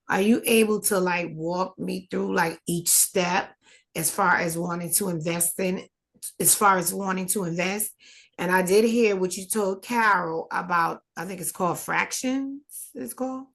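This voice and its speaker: A woman's voice: on the low side, fairly bright tone. A woman, a student in an online class, asking a question over a video call and carefully searching for her words.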